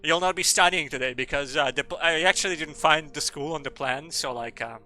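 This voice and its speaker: A man's voice: fairly high pitch, a little fast, sharp tone, faint music behind. A man streaming a game, rambling and joking with casual swearing. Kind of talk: casual gameplay commentary.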